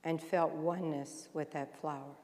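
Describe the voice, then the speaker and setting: An older woman minister delivering a folksy, conversational sermon, often clearing her throat. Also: sits low, fairly even intonation, moderate pace, a little mellow, long reverb tail. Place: church sanctuary.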